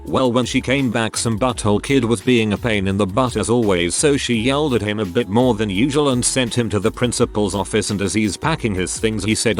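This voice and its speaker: A man narrating online stories in an expressive, wry way, dropping joking asides between them. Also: on the low side, fairly quick, few pauses, faint music behind. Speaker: story narrator.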